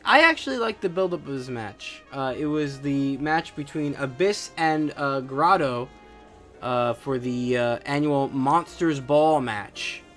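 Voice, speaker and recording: A man hosting a wrestling podcast on his own, ranting in a casual, profane and scornful way with lots of fillers. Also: fairly high pitch. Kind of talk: casual solo rant.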